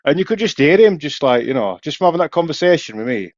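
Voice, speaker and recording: A Yorkshire co-host on a laid-back podcast rattles through a long, meandering tale with constant restarts, swearing, and laughter. His voice is on the high side with big pitch swings and a fast pace, captured in a dry, lo-fi recording.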